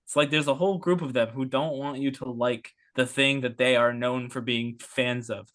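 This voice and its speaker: A man taking part in a casual podcast game show. He talks with wry, self-deprecating humor and laughs in the middle of his sentences. His voice sits at a middle pitch. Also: steady tone, normal speed, fairly bright tone. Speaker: podcast guest and contestant.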